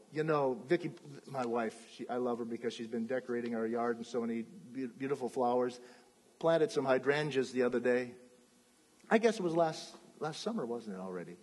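A pastor preaching in a loose, chatty way, doubling back and adding asides as he goes. His man's voice sits a touch high and has a husky edge, and a long reverb hangs behind it in the church. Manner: conversational, with restarts and asides. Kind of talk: sermon.

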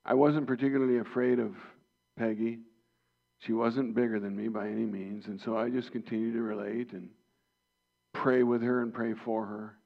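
A man's voice: medium pitch, gravelly. A man preaching a sermon as pastor, earnest and personal, rising to impassioned emphasis. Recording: dull lo-fi sound.

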